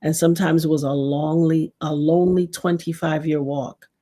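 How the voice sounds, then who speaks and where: A woman with a New York accent hosting a casual live stream. She is effusive and openly religious, and keeps giving shout-outs to her callers. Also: low-pitched, steady tone, normal speed. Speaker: livestream host.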